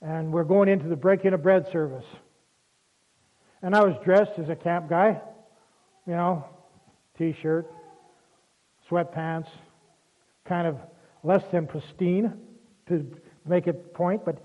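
Male preacher, high voice, conversational folksy sermon, tinny phone-quality recording. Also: a little slow, long pauses. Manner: folksy, conversational storytelling with asides.

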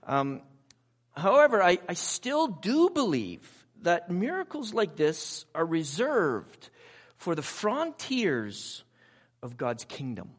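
A man's voice: high voice, wildly swooping pitch, takes it slowly. A man preaching a sermon in a conversational way, with personal asides and rhetorical questions put to his listeners. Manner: asks the audience rhetorical questions.

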